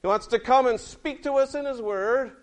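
A man giving a Bible lesson to children, gently asking them questions and explaining the verses. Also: very high-pitched, normal speed. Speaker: Sunday school teacher.

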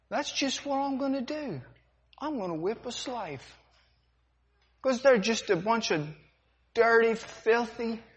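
Preacher voicing a high-pitched, brutish bully of a slave-ship sailor, sneering "mate" at all, sermon role-play. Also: male voice, heavily acted. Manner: taunting, threatening, calls people mate and buddy. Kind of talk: preacher's dramatic demonstration. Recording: dull sound, long hall reverb.

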